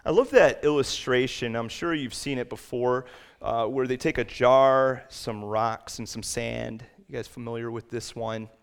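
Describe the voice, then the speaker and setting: A pastor preaches to his church in a mid-range male voice. He talks plainly through the passage, then pushes up in pitch and volume whenever he reads a verse or drives a point home. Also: steady tone, a little slow, creaky, smooth. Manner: rises to loud emphatic peaks when reading scripture and quotes. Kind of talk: sermon. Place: church sanctuary.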